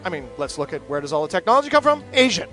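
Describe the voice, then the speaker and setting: A man telling a story in a casual chat, animated and profane, with vocal sound effects. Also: high-pitched, very fast, soft background music.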